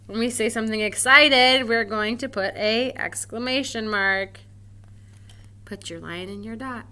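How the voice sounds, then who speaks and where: A woman with a bright, clear voice pitched a little high leads a recorded lesson for young children. She is gentle and encouraging and keeps asking the class questions. She reads each example sentence slowly, stretching out the words with exaggerated feeling. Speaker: first grade teacher.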